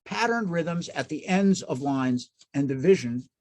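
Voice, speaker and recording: A man's voice: fairly high pitch, lively intonation, unhurried, darkish tone, a little hiss or hum. A man lecturing as a cantor in an informal talk, enthusiastic and often restarting his sentences. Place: synagogue hall.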